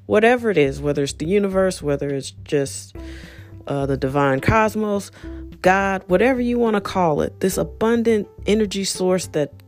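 A woman's voice: mid-range voice, moderate pace, a little mellow, faint music behind. Earnest woman musing on a podcast. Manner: earnest, rambling, self-help tone with many "you know"s. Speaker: podcast host. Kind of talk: reflective podcast monologue.

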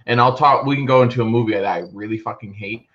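Guy cohosting a podcast, bright sharp voice, acts out his stories, kinda dull lo-fi sound. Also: medium pitch, quick pace. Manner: animated storyteller, acts out quotes loudly. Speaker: podcast co-host. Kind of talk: casual chat.

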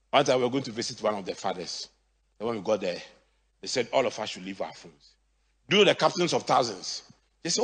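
A male pastor preaching a sermon, swinging from quiet asides to shouted, high-pitched exclamations. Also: big pitch swings, a little fast, pauses often, breathy edge. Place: church. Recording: church hall reverb.

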